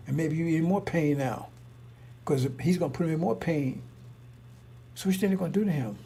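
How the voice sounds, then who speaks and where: Gravelly man preaching in rambling talk. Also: fairly high pitch, dark tone. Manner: rambling, repetitive, rhetorical questions. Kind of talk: informal religious talk.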